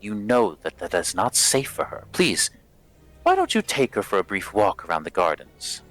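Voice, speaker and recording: Man doing a noblewoman, raised pitch, prim, formal, stern, commanding. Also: sing-song, unhurried, fairly bright tone, soft background music. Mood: scolding.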